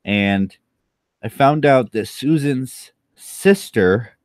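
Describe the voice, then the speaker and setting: A man's voice: mid-range voice, lively intonation, extremely slow, no room sound, studio quality. A tipsy man hosting his own channel, rambling through crude, self-mocking commentary as he drinks. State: tipsy from rum. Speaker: channel host.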